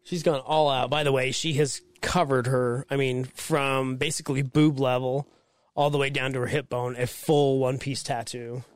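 A man's voice: mid-range voice, moderate pace, no echo, studio quality. A man in his thirties co-hosting a podcast, telling stories in casual, profane banter. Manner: profane, storytelling, animated. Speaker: podcast co-host.

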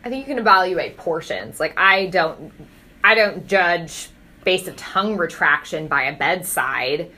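A woman's voice: on the low side, lively intonation, unhurried, sharp tone. A woman clinician on a panel, thinking aloud and explaining her approach. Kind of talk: casual clinical panel discussion.

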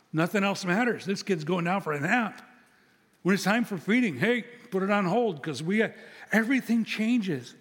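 A man's voice: high-pitched, slightly rough. An older man preaching a sermon as pastor, talking conversationally and acting out little scenes of dialogue. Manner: conversational, storytelling, acts out dialogue. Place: church sanctuary. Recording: long reverb of a large hall.

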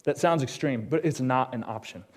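A man preaching a personal sermon in a church, telling his story and turning to ask the congregation quick questions, going quiet and low on the solemn lines. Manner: drops to a hushed tone on solemn lines. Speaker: pastor.

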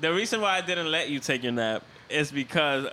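A man's voice: fairly high pitch, lively intonation, fairly quick, bright, forceful tone, a little hiss or hum. A young man co-hosting a podcast, talking in a loose, slangy, joking way. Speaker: podcast co-host. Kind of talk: casual chat.

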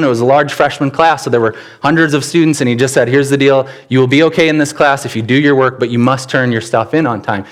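A middle-aged pastor with a mid-range voice preaches a sermon through stories, acting out the voices of the people in them.

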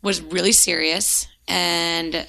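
A chatty woman co-hosting a podcast. Her voice is very gravelly, with heavy fry, and it sounds bright and forceful. She swears casually and reads emails aloud a little haltingly. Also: fairly low pitch, fairly even intonation, rough recording. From New York. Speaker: podcast co-host. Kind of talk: casual chat, reading listener emails.

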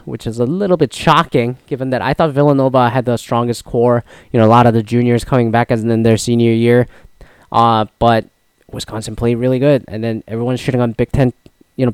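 A man's voice: mid-range voice, clear, resonant tone, no echo. A man hosting a solo podcast, chatting casually about sports in a rambling, profane way with many restarts. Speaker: podcast host.

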